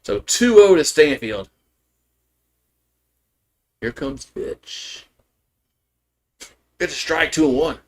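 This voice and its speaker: A man calling a live baseball game as a fan streamer, openly rooting for his team, chatty and loose, with rambling asides between pitches. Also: sing-song, takes it slowly, pauses often. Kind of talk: live baseball play-by-play commentary.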